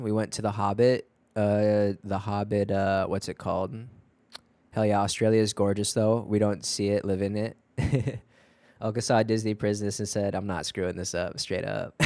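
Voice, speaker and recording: A man's voice: on the low side, a little mellow, dry recording. Profane, rambling streamer man, dry mic. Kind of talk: casual chat with stream viewers.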